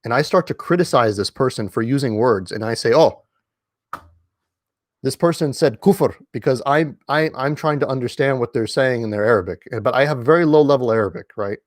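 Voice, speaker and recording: A man's voice: mid-range voice, a little fast, dry recording. A man giving a casual lecture-style monologue, emphatic and repetitive, with many fillers and restarts, speaking from home. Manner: emphatic, repeats key words, frequent fillers and restarts. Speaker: online commentator. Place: indoors at home.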